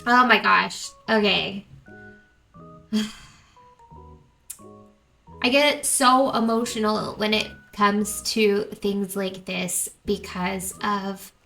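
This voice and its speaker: A woman's voice: medium pitch, fairly even intonation, extremely slow, gravelly, pauses often, bright, forceful tone, faint music behind. A young woman hosting a reaction video, talking casually and emotionally, rambling and stumbling over her words. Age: young adult.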